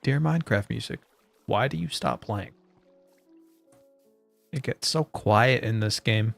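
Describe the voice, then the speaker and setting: A man's voice: lowish voice, a little slow, gravelly, faint music behind. A man streaming a game, chatting casually and joking with his viewers in a rambling way. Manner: rambling and joking, talking to chat.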